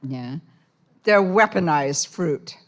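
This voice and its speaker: A woman's voice: low voice, lively intonation, takes it slowly. A woman poet from Hong Kong giving a live poetry reading, with wry, teasing asides between the poems. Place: university poetry center reading room.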